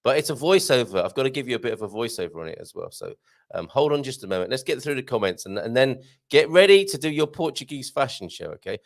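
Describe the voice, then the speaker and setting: A middle-aged man with a gravelly, slightly croaky voice that swings widely up and down as he chats. He hosts a live show in a jokey, self-mocking way, reading out viewer comments between chuckles. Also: medium pitch, sing-song, fast talker. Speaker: livestream host.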